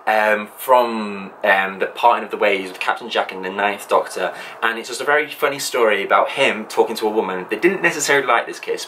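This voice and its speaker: A man's voice: on the low side, a bit bright, a little hiss or hum, poor audio. A man hosting his own video channel, talking to camera in an enthusiastic, chatty way with frequent ums. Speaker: channel host. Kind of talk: casual vlog talk to camera.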